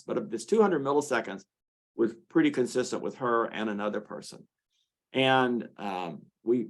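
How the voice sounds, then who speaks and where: A man presenting a treatment model to an audience, talking conversationally with fillers and restarts. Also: medium pitch. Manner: tells patient stories with acted quotes. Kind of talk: lecture to an audience.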